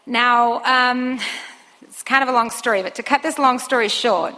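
A woman's voice: on the high side, moderate pace, bright, forceful tone. Woman telling a story in an echoing hall. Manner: earnest, rambling with many fillers and restarts. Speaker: mother sharing a personal testimony. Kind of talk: personal storytelling. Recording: long hall reverb.

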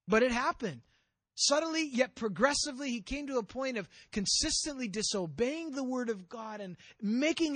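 A male pastor preaches a sermon with a fairly bright tone and no echo. He tells a story with animation, acting out the characters' lines and dropping low for emphasis.

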